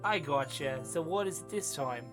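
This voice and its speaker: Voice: expressive, moderate pace, natural voice. A streamer voicing a bubbly, teasing teenage girl in an exaggerated Brooklyn accent, reading game dialogue aloud. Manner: high and playful, teasing, stretched words. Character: bubbly teenage girl spirit medium, cheeky younger sister. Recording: game music underneath.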